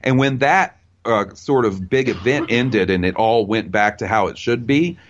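A man's voice: lowish voice, normal speed, muffled recording, slight background noise. A man talking comics as a podcast guest, rambling with lots of fillers. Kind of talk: casual podcast chat.

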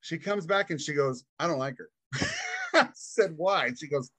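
Animated man telling a wild story. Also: on the high side, normal speed, slightly rough, no echo. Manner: animated storyteller, acts out quoted voices, laughs often. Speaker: podcast guest. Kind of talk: casual storytelling interview.

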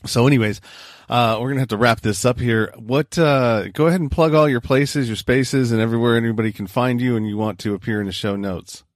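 A man's voice: mid-range voice, brisk. A man hosting a casual podcast, talking in an easygoing way. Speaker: podcast host.

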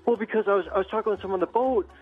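A man's voice: sits high, steady tone, rapid-fire, breathy edge, faint music behind. A man calling in to a radio show, rambling through a funny story with lots of filler words. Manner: rambling, lots of "you know". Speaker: caller. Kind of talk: telling a funny anecdote. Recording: dull lo-fi line.

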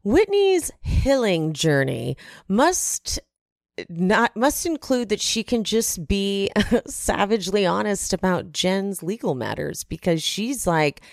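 Chatty woman recapping, slow delivery. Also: mid-range voice, gravelly, no echo, clean studio sound. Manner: chatty, animated asides with laughs. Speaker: recap podcast host. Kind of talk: casual reality TV recap.

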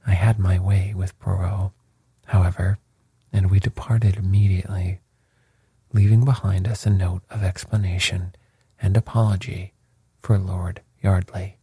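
A male narrator reads in a soft, measured whisper. His voice is low and dark, very breathy. The sound is dry and close to the mic. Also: little pitch movement, no echo. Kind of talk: whispered storytelling.

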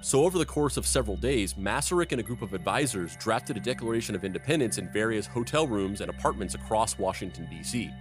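A man's voice: fairly low pitch, expressive, quick pace, few pauses, soft background music. A man hosting a history podcast, narrating events and breaking off into silly riffs. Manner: reads history then riffs with silly tangents. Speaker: host and narrator.

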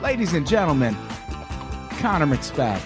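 A man's voice: a little high, big pitch swings, moderate pace, music in the background. A man hosting his own podcast, reading plugs wryly and introducing guests in casual banter. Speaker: podcast host.

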